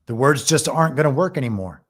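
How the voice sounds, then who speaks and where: Man, podcast host, political commentary, measured delivery, reads news aloud. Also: medium pitch, animated.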